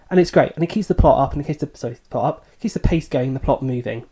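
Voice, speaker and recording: A man's voice: medium pitch, rapid-fire, hardly any pauses, mellow, slightly rough. A man co-hosting a podcast, giving thoughtful, hedging opinions in a casual book discussion. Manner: thoughtful, hedging, self-deprecating. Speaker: podcast co-host.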